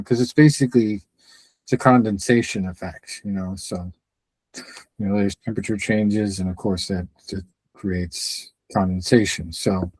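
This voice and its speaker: A man talks through fight news as a podcast co-host in a loose, rambling way, full of "you know" and "um." His voice sits at an ordinary middle pitch. The recording is close and dry. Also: darkish tone, dry recording, rough recording. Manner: rambling, chatty, frequent fillers. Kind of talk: casual fight-sports chat.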